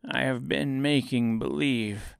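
A man's voice: on the high side, sing-song, drawn-out words, creaky, no echo, studio quality, pitched above the performer's own voice, full character voice. A man voicing a timid little old man posing as a great wizard, speaking meekly in a trembling voice. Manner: trembling, meek, pleading.

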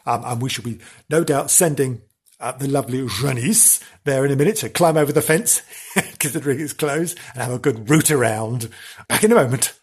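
A host at an even, middle pitch who tells ghost stories like juicy gossip. The delivery is theatrical, with frequent gasps and oh dears, and stays in a comic storytelling mode. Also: fairly quick, slightly rough.

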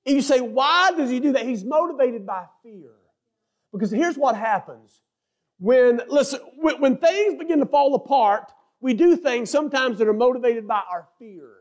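Male pastor, very high voice, fervent sermon delivery with shouted peaks. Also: expressive, normal speed. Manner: preaching with rising, shouted emphasis and asides.

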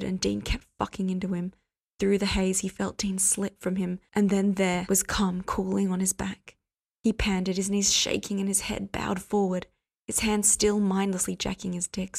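A woman podcast host reads fiction aloud in a soft, hushed narration. Her voice stays flat and even, breathy, with a gravelly fry. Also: mid-range voice. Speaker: podcast host and fanfiction reader.

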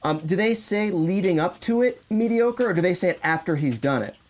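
A man co-hosts a podcast in casual chat. His voice is high and quick, and he restarts his sentences often as he works out a point. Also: expressive. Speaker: podcast co-host.

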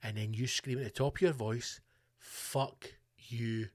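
In a room at home, a Scottish podcast host launches into a profane comic monologue full of mock-political bluster. He speaks a little fast, at a medium pitch, in a steady tone.

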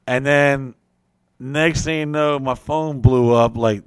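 A man hosting a podcast, swearing freely as he tells animated stories at an ordinary pitch. The sound is close and dry, with no room around it. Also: slow, clear, resonant tone, dry recording. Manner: profane, animated storyteller. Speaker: podcast host. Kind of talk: casual storytelling chat.

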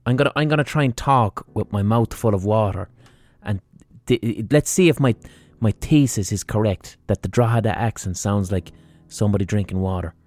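A man's voice: fairly low pitch, normal speed, darkish tone. A man with a Limerick accent hosting a podcast with a rambling, sweary comic monologue. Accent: Limerick, Irish. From Ireland. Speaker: podcast host.

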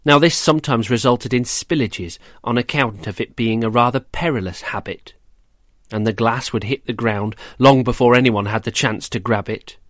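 A man reading a rhyming children's story aloud, gentle and measured, then quizzing children about it. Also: medium pitch, no echo, clean studio sound. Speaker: storyteller and host.

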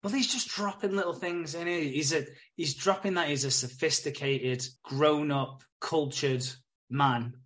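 A man's voice: on the high side, steady tone, unhurried, fairly bright tone. Wry British man retelling scenes. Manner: wry storyteller, acts out characters' lines. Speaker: podcast co-host. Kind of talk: casual chat recapping a soap episode.

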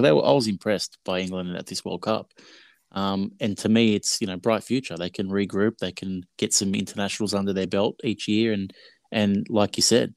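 A man's voice: fairly low pitch, vocal fry, darkish tone, no room sound, studio quality. A man co-hosting a rugby podcast, talking casually and posing questions to his co-host. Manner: questioning, conversational. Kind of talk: casual sports chat.

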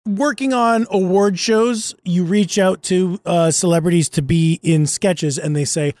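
A man with a fairly high voice talks in a loose, comedic podcast chat, circling and restarting until he lands his point. The sound is dry and right on the mic. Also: steady tone, unhurried, a little mellow, no echo. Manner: rambling, building his point through restarts. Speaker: podcast co-host.

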